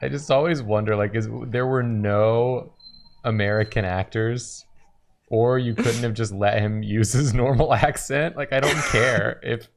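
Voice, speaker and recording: A man at an ordinary pitch who speaks slowly. He chats on a casual drawing stream, explains a story bit by bit and lets his sentences trail off softly. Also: steady tone, a little hiss or hum. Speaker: co-host.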